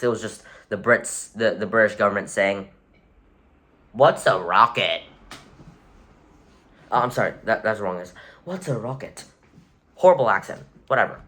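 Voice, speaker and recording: A man's voice: on the low side, a bit bright. A man giving casual, rambling commentary as a vlogger, with wry sarcastic asides and frequent self-corrections. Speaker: vlogger rating rockets. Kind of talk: casual tier-list commentary.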